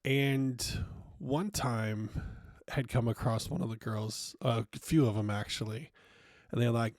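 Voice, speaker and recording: Man, podcast host, rambling solo talk, frank, casual swearing, mid pitch, dry sound. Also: steady tone, measured pace, darkish tone, no room sound.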